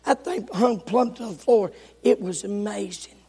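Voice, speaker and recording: A male pastor preaching a sermon, telling folksy stories with bursts of shouting, recorded in a church sanctuary. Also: high voice, normal speed, husky. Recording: echoey church hall.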